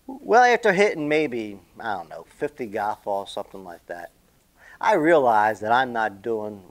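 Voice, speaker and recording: A man telling a golf lesson story in a casual, rambling monologue, animated and a bit salty. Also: mid-range voice. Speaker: golf vlogger.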